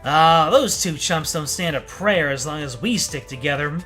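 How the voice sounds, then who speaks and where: Man reading a swaggering young fighter, cocky, bright voice, game music faint behind. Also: on the high side, lively intonation, moderate pace. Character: brash boastful young male fighter.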